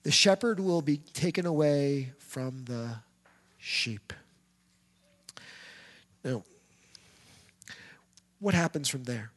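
High-voiced male preacher in a hall. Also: slow, pauses often. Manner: storytelling, lively retelling with quoted characters. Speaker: pastor. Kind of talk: sermon.

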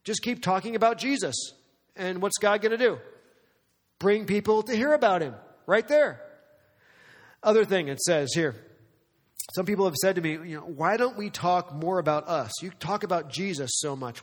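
A male pastor preaching a dramatic, emphatic sermon full of rhetorical questions, slowing down for weighty lines and speeding up for asides. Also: high voice, lively intonation, in a large hall. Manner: swings between slow weighty phrasing and quick asides.

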